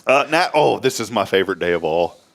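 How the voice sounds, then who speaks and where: Goofy rambling radio host. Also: male voice, low voice, expressive, fairly quick, creaky. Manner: goofy, rambling, laughs often. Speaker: morning show host. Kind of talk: casual radio talk show banter.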